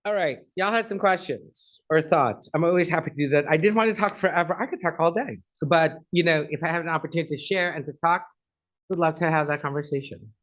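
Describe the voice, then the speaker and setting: A man's voice: fairly high pitch, fast, fairly bright tone, low-quality recording. A middle-aged man giving a chatty, effusive guest speech at an agency event, then taking audience questions.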